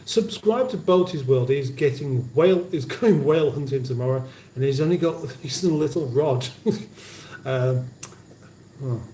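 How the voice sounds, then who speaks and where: Slow-talking man, mellow roomy sound. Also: mid-range voice, a little hiss or hum. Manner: chatty, reads viewer comments aloud with dry banter. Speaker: livestream cooking host. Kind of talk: casual livestream chat. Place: home kitchen. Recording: roomy kitchen sound from a distance.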